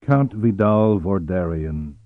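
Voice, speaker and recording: This is a dry-witted, snappish officer in an audiobook, as a male narrator puts him on. He speaks lower than the narration, in a firm, clipped voice. The recording sounds dull and close. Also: expressive, takes it slowly, no echo. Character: dry, sharp-witted officer, middle-aged man.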